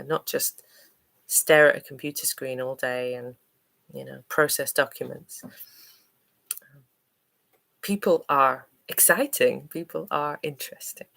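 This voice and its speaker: A woman's voice: deep voice, vocal fry. A woman from Manchester, an English teacher, chatting on a livestream Q&A in a hesitant, friendly way with lots of ums and uhs. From Manchester, England.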